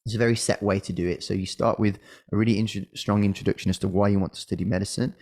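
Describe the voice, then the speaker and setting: The voice belongs to a middle-aged man, fairly low and darkish in tone, who works as a medical school admissions coach. His casual advice comes out hesitantly, full of fillers and restarts, and he coughs occasionally as if slightly ill.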